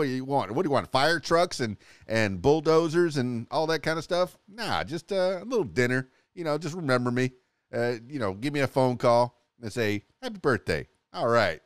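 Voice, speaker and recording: Smooth-voiced male podcast host. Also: mid-range voice, no room sound. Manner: rambling and playful, many restarts. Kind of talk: casual podcast interview sign-off.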